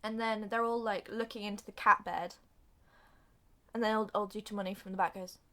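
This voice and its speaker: A young woman recapping a film plot for comedy, acting out the characters' lines in an animated way. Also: mid-range voice, fairly quick. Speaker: video reviewer.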